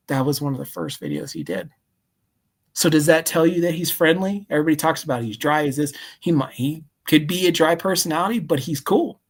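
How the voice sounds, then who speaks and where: A man, a convention vendor guest, telling a story on a live call in an animated way, acting out voices and saying "see?" again and again. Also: a little high, fairly quick, husky.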